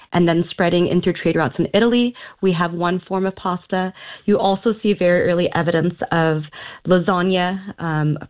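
A woman calls in to a radio show, her voice coming through a thin, tinny phone line. She speaks a little low and explains things in detail, with plenty of ums and restarts. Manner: knowledgeable, explanatory, with frequent fillers. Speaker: food writer guest. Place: Auckland, New Zealand.

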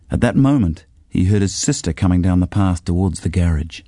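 A man reads a children's story aloud with a husky, mellow voice. His tone rises and falls freely, and the recording is close and dry. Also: low-pitched, lively intonation, brisk, hardly any pauses, no room sound. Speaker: narrator. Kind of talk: storybook reading.

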